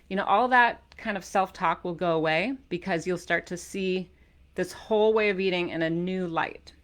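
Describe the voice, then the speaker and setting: A middle-aged woman gives an energetic talk to camera as a diet author. Her voice is bright and forward, and her manner is playful and animated, with loud emphatic bursts when she drives a point home. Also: fairly low pitch, moderate pace. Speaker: author and keto diet coach.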